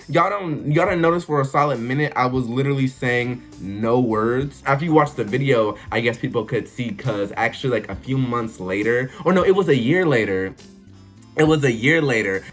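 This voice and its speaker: A young man, telling funny stories in a casual, animated vlog full of swearing and laughter. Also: mid-range voice. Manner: animated, swearing, laughing, acts out voices and sings snatches. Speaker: vlogger. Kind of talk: casual storytelling.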